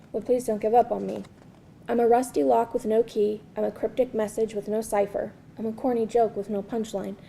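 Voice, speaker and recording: Gravelly woman reading poetry aloud. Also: on the high side, mellow, slight background noise. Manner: slow, earnest, repetitive refrain. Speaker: poet reading her work. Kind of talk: spoken word poetry reading.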